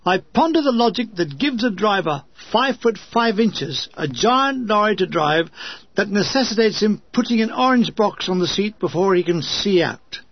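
A man reads his own war memoir aloud, lyrical one moment and wry the next, with comic asides. His voice sits high. The recording is dull and dry, with no room sound. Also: lively intonation, moderate pace, no echo. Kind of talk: audiobook reading with comic asides.

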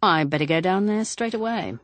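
A woman voicing a guarded, protective grown son who talks in a firm, measured way. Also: on the low side, lively intonation, dry recording, voice pushed up, lightly acted.

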